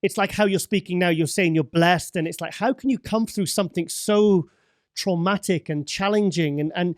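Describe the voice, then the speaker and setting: High-voiced male interviewer, dry sound. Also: moderate pace, no room sound. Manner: rambling, hesitant questions. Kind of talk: casual interview questions.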